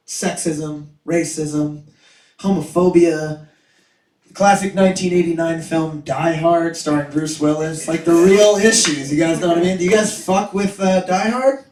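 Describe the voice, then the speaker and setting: A young man performs stand-up on a club stage, crude and self-mocking, with a high voice that breaks into loud shouting. He sounds a bit far from the mic, and the room rings with echo. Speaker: stand-up comedian. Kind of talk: stand-up comedy set. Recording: echoey room, mic heard from afar.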